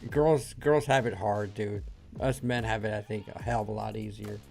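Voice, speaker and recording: A man's voice: fairly low pitch, fairly even intonation, moderate pace, gravelly, a little mellow, faint music behind. A man hosting a livestream, chatting loosely and swearing, with lots of fillers like dude and bro. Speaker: livestream host. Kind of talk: casual livestream chat.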